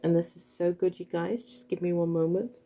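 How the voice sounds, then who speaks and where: Woman, card reader, casual chat, giggly, warm mellow tone. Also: lowish voice, steady tone, normal speed. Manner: chatty, giggles often. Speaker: tarot reader. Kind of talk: casual card reading to viewers.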